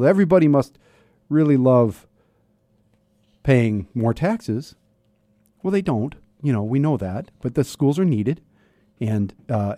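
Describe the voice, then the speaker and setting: A man's voice: medium pitch, dark tone, no room sound. A talk radio host in his fifties speaks in a loose, wry, rambling way, often restarting his sentences. His throat is a bit scratchy. The studio sound is close and dry. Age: 50s. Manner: chatty, self-interrupting, wry. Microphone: studio microphone.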